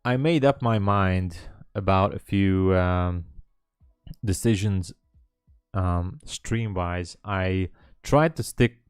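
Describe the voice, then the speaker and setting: A man's voice: deep voice, clear, resonant tone, no echo, clean studio sound. A man hosting a live trading stream, chatting casually and hesitantly with viewers in a rambling way. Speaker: livestream trading host.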